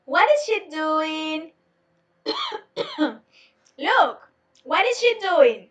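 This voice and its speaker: A woman teaching an online English class, slow and patient, repeating her questions to students. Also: high-pitched, very animated, fairly bright tone, far from the mic. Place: home, on a video lesson.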